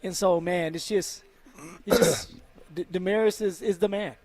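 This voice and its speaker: A male radio co-host and former football player, talking in an emphatic, animated way and repeating words as he builds his point. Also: high voice, unhurried. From United States. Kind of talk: sports talk radio chat. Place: radio studio. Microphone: studio microphone.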